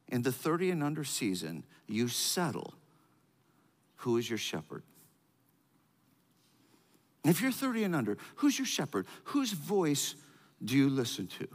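A man preaching a sermon. He calls out to the congregation for answers and swings between loud emphasis and quiet, low passages, often restarting his words. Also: very animated, moderate pace. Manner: frequent restarts and repeated words. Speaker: pastor. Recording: long reverb of a large hall.

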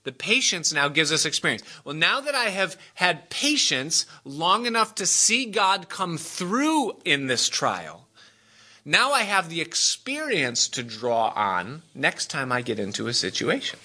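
Man, pastor, sermon, emphatic, questions to the congregation, sharp bright tone. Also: on the high side, big pitch swings, unhurried, breathy edge.

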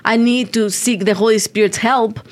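A woman's voice: fairly high pitch, steady tone, moderate pace. A woman who is a pastor, talking earnestly in a casual podcast conversation and often repeating words as she restarts.

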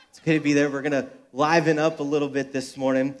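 A man's voice: fairly high pitch, fairly even intonation, fast, hardly any pauses. A young adult man, a pastor, giving a sermon at a church service with joking, self-deprecating personal stories.

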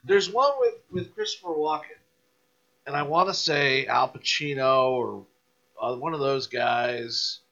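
A man's voice: mid-range voice, a little slow, vocal fry, a bit bright. A man hosting a podcast, chatting casually and reacting with easygoing remarks. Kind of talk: casual chat. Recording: muffled lo-fi podcast audio.

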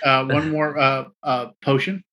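A man's voice: medium pitch, flat delivery, a little slow, sharp tone. A man playing a tabletop game, speaking hesitantly with many fillers. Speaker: player. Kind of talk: casual tabletop play.

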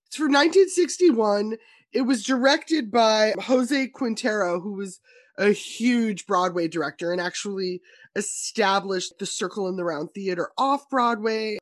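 A woman's voice: medium pitch, no room sound. A woman hosting a podcast, chatting about classic films in an enthusiastic, opinionated way. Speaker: podcast host. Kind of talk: casual film discussion.

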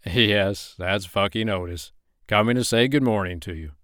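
A calm, mysterious jungle man of few words, voiced by a man, speaking in short and cryptic lines. The voice is low and sits close and dry, with no room around it. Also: moderate pace, dry recording, natural voice. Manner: terse and cryptic.

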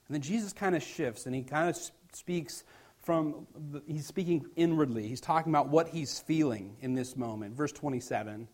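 A man's voice: medium pitch, a little fast, darkish tone. A man preaching a sermon as pastor, reading scripture aloud with rising emphasis and explaining it in a conversational tone.

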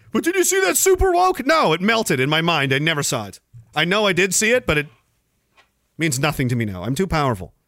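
A young man rants through a casual livestream, swearing freely and mocking what he reads from chat. His voice sits high and swings widely in pitch. It has a sharp, forceful edge and a dry, close sound with no room echo. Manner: profane, sarcastic, acts out mocking voices. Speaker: livestream host reading chat. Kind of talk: casual ranting livestream commentary.

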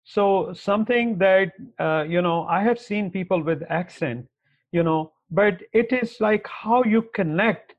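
A male podcast guest with a slightly high voice tells earnest, rambling stories. His audio sounds dull and lo-fi, as if it came through a remote link. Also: unhurried. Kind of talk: casual interview chat.

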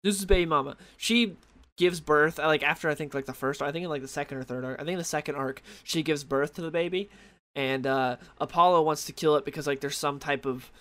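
Tired young guy with a slightly high voice, meandering through a casual review. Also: a little fast, a bit bright. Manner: rambling, loses track, many fillers. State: tired late at night. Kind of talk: casual comic book review.

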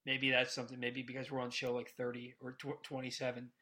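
A man co-hosting a casual sports podcast, talking in a rambling, animated way and stumbling over repeated words. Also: medium pitch, fast. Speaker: podcast co-host.

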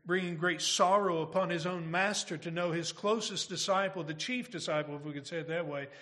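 Male pastor, high bright voice, earnest preaching with rhetorical questions. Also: a little fast. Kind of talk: sermon.

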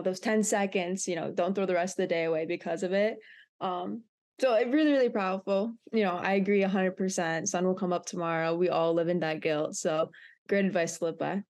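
A woman's voice: fairly low pitch, fairly quick. A young woman co-hosting a sports podcast, speaking in an earnest, reflective way. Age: young adult. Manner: earnest, reflective, animated when recounting. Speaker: podcast co-host. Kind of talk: casual podcast chat.

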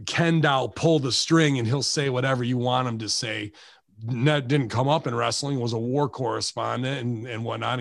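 A man's voice: medium pitch, gravelly, no echo. An American man ranting on a podcast, blunt and profane, breaking into mocking impressions. His voice sits in a middle register. The sound is dry and close, with no room around it. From United States. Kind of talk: casual chat.

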